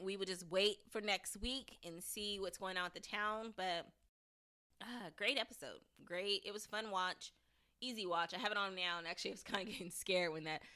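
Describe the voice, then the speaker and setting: A woman hosting a podcast, chatting casually through an episode recap and thinking aloud with restarts. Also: mid-range voice. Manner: lively, acts out characters' lines in recaps. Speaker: podcast host.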